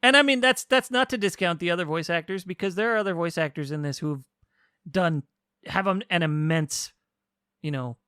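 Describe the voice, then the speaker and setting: A man co-hosting a casual podcast, explaining a story with animated retelling and quick acted-out lines. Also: sits high, clear, resonant tone, no room sound, clean studio sound. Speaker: podcast co-host explaining a game. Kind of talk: casual chat.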